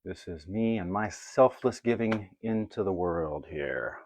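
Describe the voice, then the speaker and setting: A man's voice: low-pitched, unhurried, darkish tone, a little hiss or hum. A man giving live oracle card readings to viewers he greets by name, casual and swearing now and then. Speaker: livestream card reader.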